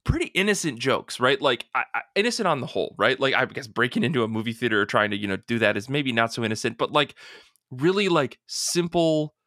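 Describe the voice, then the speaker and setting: A man hosting a casual podcast, relaxed as he wraps up and thanks his co-hosts. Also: medium pitch, brisk, dry recording, clean studio sound. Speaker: podcast host. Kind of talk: casual chat.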